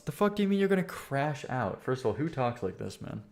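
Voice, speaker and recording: A man's voice: mid-range voice, sing-song, quick pace, gravelly, darkish tone. Man, livestream host, casual chat, rambling, swears, restarts sentences. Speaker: music reaction streamer.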